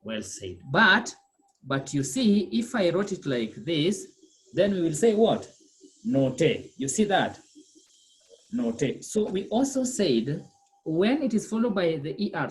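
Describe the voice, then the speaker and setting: Lively quizzing language teacher. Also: medium pitch, a little slow. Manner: quizzing, checks in with "okay?" and "eh?"; repeats and drills words patiently. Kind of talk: classroom pronunciation lesson.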